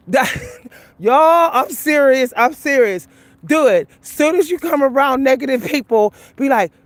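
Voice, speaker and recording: A woman's voice: fairly high pitch, no room sound. A woman talking casually and emphatically to her viewers on a walking vlog, laughing often as she gives advice. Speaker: vlogger giving life advice. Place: outdoors on a walk.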